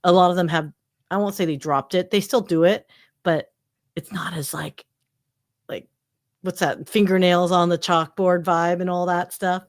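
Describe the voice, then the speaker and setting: A woman of about forty talks in a loose, casual livestream chat. Her voice sits a little low, and she rambles animatedly with plenty of fillers. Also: normal speed. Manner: chatty, animated, lots of fillers and laughs.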